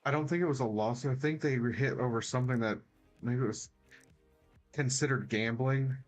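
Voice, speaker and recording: A man co-hosting a gaming podcast in casual chat, easygoing, often answering with quick short replies. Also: medium pitch, soft background music. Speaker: podcast co-host.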